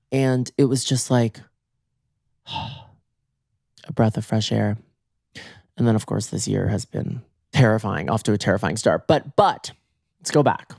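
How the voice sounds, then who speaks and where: Slightly hoarse because he's sick, this podcast host performs a theatrical comic monologue from bed at home, swinging his pitch to emphasize points. His voice is a little mellow, and the audio is studio quality with no echo.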